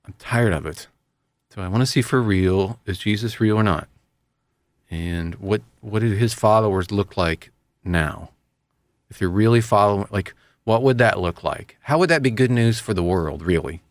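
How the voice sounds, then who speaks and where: A man's voice: on the low side, normal speed, no room sound. A man hosting a casual talk show, speaking in an earnest, rambling, self-deprecating way. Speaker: radio host. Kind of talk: casual chat.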